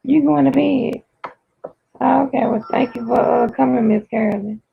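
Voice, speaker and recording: A livestream host with a raspy voice, chatting casually with viewers and playfully scolding them over and over. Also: medium pitch, steady tone, normal speed, slight background noise. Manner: playful mock-scolding, repetitive. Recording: tinny phone-like audio.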